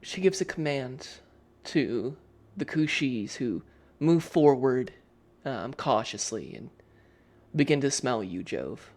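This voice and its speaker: A man's voice: medium pitch, lively intonation, slow pace, a little mellow. A man narrating a tabletop game as game master, describing scenes in the second person. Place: live stream.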